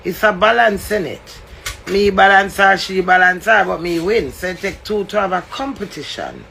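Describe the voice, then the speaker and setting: Jamaican guy going off in a rant, real gravelly voice, bright and kinda high. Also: lively intonation, moderate pace, slight background noise. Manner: confrontational, swearing, preachy. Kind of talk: heated rant.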